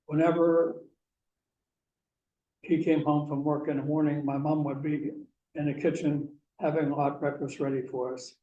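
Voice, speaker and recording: A man from Pennsylvania giving a talk, telling a personal story slowly and deliberately. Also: fairly high pitch, little pitch movement, dark tone, muffled recording. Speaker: guest speaker. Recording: echoey room, mic far off, faint hiss.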